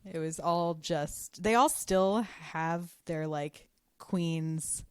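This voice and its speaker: Woman w a lowish voice, chatty podcast producer, laughs a lot, dry close sound. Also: drawn-out words, darkish tone, smooth, dry recording. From Florida, USA. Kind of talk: casual chat.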